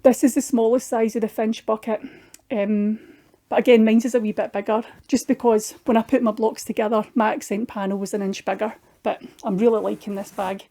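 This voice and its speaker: A woman's voice: fairly high pitch, fairly even intonation, brisk, warm tone. A middle-aged Scottish woman chatting casually through her craft projects, homely and full of little restarts. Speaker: craft vlogger. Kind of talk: casual show-and-tell chat.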